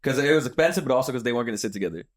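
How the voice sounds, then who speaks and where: A young man hosting a podcast, telling a story in casual chat, animated and swearing, acting out what people said. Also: medium pitch, racing. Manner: animated, swearing, acts out quotes. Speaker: podcast host.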